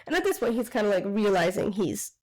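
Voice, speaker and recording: A woman's voice: mid-range voice, quick pace, low-quality recording. A woman co-hosting a casual book podcast, eagerly retelling the plot and acting out the characters' lines. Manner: animated retelling with quoted voices, swearing. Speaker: podcast co-host.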